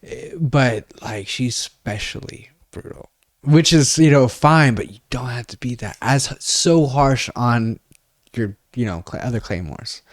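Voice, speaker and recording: A man co-hosting a casual anime discussion, rambling and animated, with mocking put-on voices. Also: mid-range voice, a little slow, no room sound, clean studio sound. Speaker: podcast co-host.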